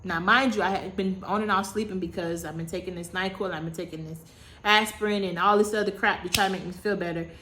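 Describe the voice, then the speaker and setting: A woman in her thirties telling a personal story to camera in a casual, animated way, dramatic and repetitive, with slangy, self-mocking asides. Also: lowish voice, fast. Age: 30s. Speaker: vlogger.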